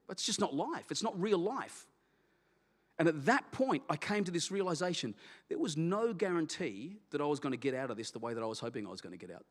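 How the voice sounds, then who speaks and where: A man with an Australian accent preaching a sermon as a pastor, telling a candid personal story and acting out his own prayers. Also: on the high side. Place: church auditorium. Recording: long reverb of a church hall.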